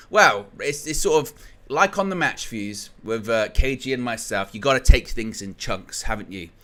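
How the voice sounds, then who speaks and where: Bright-voiced English football chat host. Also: male voice, a little high. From England. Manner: chatty, rambling, reads viewer comments aloud. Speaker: fan channel host. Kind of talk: live-stream football chat.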